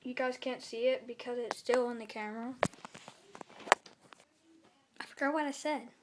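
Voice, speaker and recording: A woman's voice: on the high side, fairly even intonation, moderate pace, very noisy. A young girl vlogging casually to camera at home, rambling and apologizing a lot, with little giggles. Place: at home in a room.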